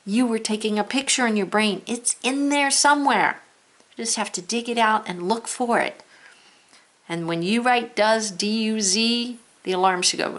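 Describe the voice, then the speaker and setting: A woman's voice: on the high side, fairly bright tone. A woman teacher giving a patient spelling lesson to young children, sounding words out and reading along with them. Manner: slow, patient, reads along with pupils.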